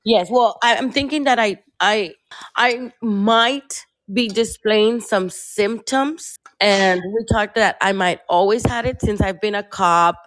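A woman talking in a casual discussion, halting often and restarting her words as she searches for them. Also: mid-range voice, a bit bright. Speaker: panel guest.

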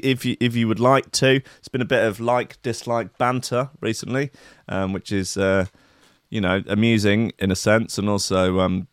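Guy reading odd news and riffing, dry sarcastic and rambly, mid-pitched voice, dead dry sound. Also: a bit bright, no echo. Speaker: video host.

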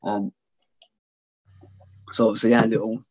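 A man's voice: lowish voice, little pitch movement, unhurried, a little mellow, breathy edge, dry recording, rough recording. A man telling a candid personal story as an interview guest, rambling, repeating himself and swearing freely.

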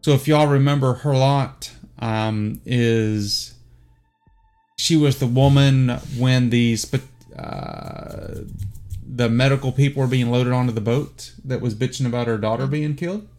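A man with a Southern US accent narrating as game master in a relaxed, easygoing way, with frequent pauses. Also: medium pitch, soft background music.

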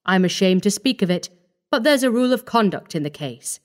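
A woman voicing a cold, scheming young male doctor in a storybook reading, speaking calmly and firmly. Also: medium pitch, fairly quick, close to an everyday voice. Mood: coaxing. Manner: calm, coaxing, firm.

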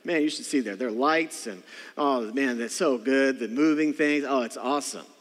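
A man preaching a sermon as pastor, animated, acting out voices and calling for responses from the congregation. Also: medium pitch, normal speed, in a large hall. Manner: animated, acts out voices, calls for audience response. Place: church sanctuary.

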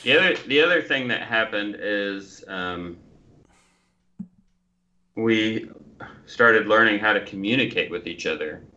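A man's voice: fairly low pitch, expressive, bright, forceful tone. Man on a dull lo-fi line. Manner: halting, restarts while thinking aloud. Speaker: podcast co-host. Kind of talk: casual chat.

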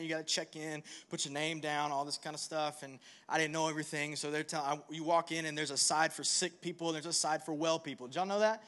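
A man's voice: a little high, a bit bright. A young male pastor speaking in a slightly raised register, preaching in a loose, conversational way. He mixes self-deprecating humor into a personal story, then settles into earnest reassurance for the congregation. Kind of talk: conversational sermon.

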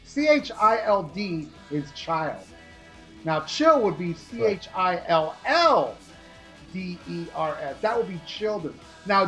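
A man's voice: high voice, pushed and bright, rough recording. Rambling, joking male podcast host. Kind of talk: casual music review chat.

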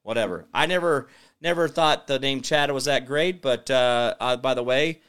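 A man's voice: mid-range voice, normal speed, fairly bright tone, clean tone. Rambling, sarcastic male talk host. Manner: rambling, sarcastic, reads chat comments aloud. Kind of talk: casual political commentary livestream.

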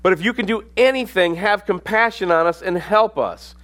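A man's voice: sits high, moderate pace, a bit bright. A middle-aged man preaching a sermon as pastor, reading scripture aloud and rising to sudden emphasis.

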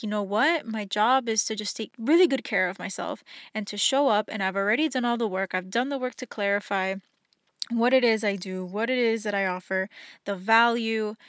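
A woman's voice: a little high, fairly bright tone, dry recording, clean studio sound. A young woman hosting a reflective solo podcast, talking in an earnest, encouraging way and acting out the voices in her head. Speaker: podcast host.

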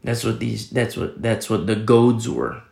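A man's voice: fairly low pitch, a little slow, creaky, a little mellow, echoey room. A man pastor giving a conversational Bible teaching sermon, rambling with many restarts and sudden emphatic rises.

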